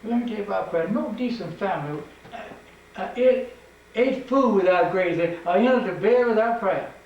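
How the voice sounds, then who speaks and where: A man's voice: high voice, animated, moderate pace, dull audio. An older man, a museum guide fervently telling stories from his childhood, heard from a distance in an echoey old house. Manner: fervent, preacher-like. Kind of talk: oral storytelling.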